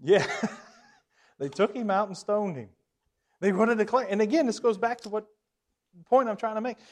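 Man, high voice, Bible class teacher, reads verses aloud with emphasis, quizzes the group, at times very quiet. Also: normal speed. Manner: level swings widely, dropping very soft at times. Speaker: preacher.

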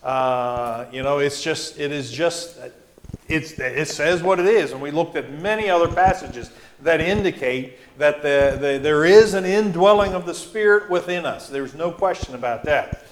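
A man with a high-pitched voice leads a Bible class, pausing often on fillers and restarting his sentences as he quizzes the class. He sounds like he is in an echoey church classroom. A faint hiss sits under the recording. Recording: echoey room with faint noise.

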